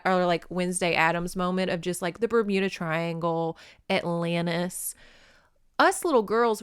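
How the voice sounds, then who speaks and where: A woman's voice: mid-range voice, fairly bright tone, clear, resonant tone, dry recording, studio quality. Chatty young woman with a twang. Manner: chatty, swearing, giggly. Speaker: podcast host. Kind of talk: casual book recap podcast.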